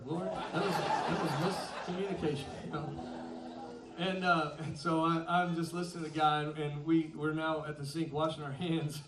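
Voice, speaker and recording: A thirtysomething singer with a fairly high voice talks fairly quickly and evenly, sharing a self-mocking story between songs and laughing a lot. Picked up far from his stage mic through the PA, the roomy recording is very noisy, with the audience and live band music behind him.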